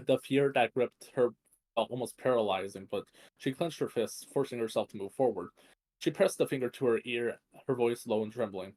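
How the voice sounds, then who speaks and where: A man's voice: mid-range voice, darkish tone. A man reading fan fiction aloud, with a strained voice, often stumbling and correcting himself. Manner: stumbling, frequent restarts and self-corrections. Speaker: fanfic reader.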